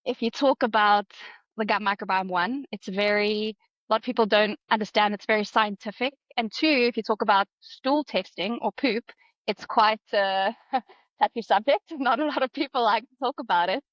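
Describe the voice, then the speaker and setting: A woman's voice: medium pitch, normal speed, dry recording, lo-fi sound. South African woman explaining, friendly. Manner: friendly, explanatory, laughs easily. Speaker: guest, dietitian. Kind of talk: podcast interview.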